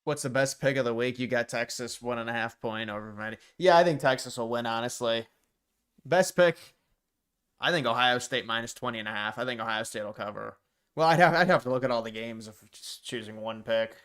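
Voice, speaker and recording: A male livestream host chats casually, answering viewer questions and reacting to clips. His voice is smooth and clear, with an easygoing, quick manner of talking. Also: mid-range voice, a bit bright. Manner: chatty, quick reactions, reads out chat questions. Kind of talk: casual live reaction chat.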